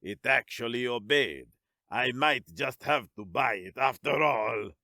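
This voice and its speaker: A crude, bellowing alien buyer, as a male narrator puts him on. His voice is bright and a little lower than the narrator's, recorded close and dry. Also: lively intonation, a little slow, no room sound. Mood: gleeful. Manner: bellowing, coarse.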